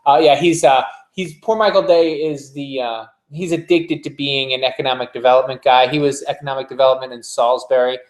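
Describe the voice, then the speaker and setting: A chatty man rambles along in casual podcast talk and laughs easily. His voice sits at an ordinary middle pitch. The recording has a roomy echo around it. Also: steady tone, brisk, few pauses. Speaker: podcast co-host. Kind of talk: casual chat. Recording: echoey room.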